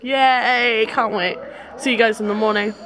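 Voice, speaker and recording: A woman's voice: medium pitch, flat delivery, a little fast, crowd noise. A young woman, talking in a chatty, jokey, rambling way while vlogging on a handheld camera. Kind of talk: casual travel vlog chat.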